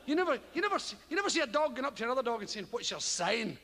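Rapid-fire and very high-pitched, a male comedian works the stage, his words carrying a long reverb tail. He curses freely and animatedly voices the characters in his stories. Background noise runs through this live recording.

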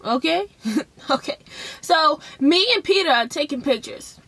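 A woman's voice: sits high, a little slow, no room sound. A young woman telling a story from her school days in a casual, profane vlog, acting out what others said. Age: young adult. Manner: profane, animated, acts out quotes.

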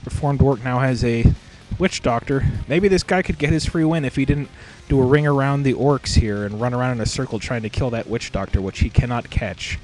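A man casually narrating a game replay, swearing freely and cracking jokes as he rambles along. His voice sits at an ordinary middle pitch. Faint music plays quietly behind him. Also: brisk, hardly any pauses. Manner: profane, joking, rambling. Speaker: game commentator.

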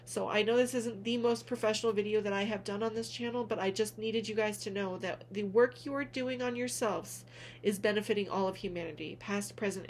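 A woman speaking gently and earnestly to her viewers in a heartfelt vlog, calling them honey as she encourages them. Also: medium pitch, a little hiss or hum. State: tearful at moments. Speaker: spiritual vlogger, reader. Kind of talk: heartfelt direct-to-camera vlog.

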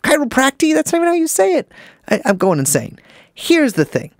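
A young man co-hosting a podcast, rambling and swearing, often cutting himself off, with big jumps in pitch. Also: huge pitch swings, fairly quick, creaky, a little mellow, dry recording, clean studio sound. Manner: rambling, swearing, self-interrupting with wide pitch swings. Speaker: podcast co-host. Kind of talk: casual podcast chat.

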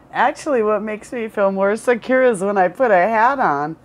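A woman's voice: medium pitch, normal speed, hardly any pauses. A woman recording a candid personal vlog at home, rambling, repeating words and swearing. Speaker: vlogger. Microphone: headphones with camera.

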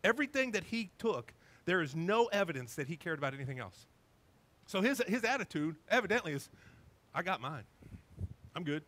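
A male pastor preaching a sermon in an animated, emphatic storytelling manner. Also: high-pitched, brisk.

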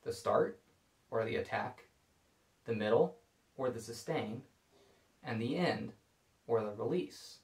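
A man calmly explaining violin bowing technique in a scripted video lesson. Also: medium pitch, takes it slowly, pauses often. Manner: calm, explanatory. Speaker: violin teacher. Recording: echoey room.

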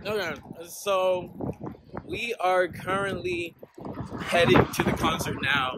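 A man's voice: a little high, sing-song, moderate pace. Young guy vlogging on his phone outside, slangy and playful, voice bouncing all over, traffic noise behind. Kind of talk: casual vlog chat. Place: outdoors on city streets and subway.

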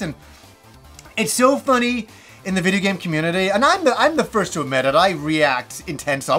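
A middle-aged man hosting a show, chatting casually in a rambling, animated way. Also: soft background music. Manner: animated, rambling storyteller with quick pitch jumps. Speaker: host. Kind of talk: casual solo chat.

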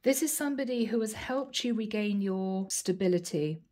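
A woman giving a channeled tarot reading, earnest and emotional, with frequent soft exclamations. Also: medium pitch, animated, moderate pace. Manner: earnest, repetitive spiritual phrasing. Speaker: tarot reader.

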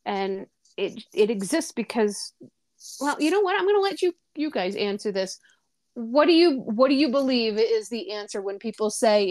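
A woman hosting a podcast interview, upbeat and quick to laugh. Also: a little high, lively intonation, darkish tone. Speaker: podcast host. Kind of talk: casual interview chat.

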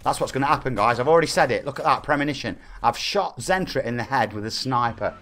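A man's voice: medium pitch, animated, fast, a bit bright, a little hiss or hum. A man in his forties with a Nottingham accent, chatting and bantering while streaming a game live. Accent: Nottingham English. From England. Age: 40s. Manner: chatty, reads chat aloud, jokey banter.

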